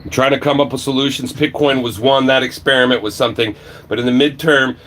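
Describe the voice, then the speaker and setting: A man ranting on a livestream, swearing a lot and swinging between shouting and low muttering. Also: steady tone, fast. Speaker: livestream vlogger. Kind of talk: angry profane rant.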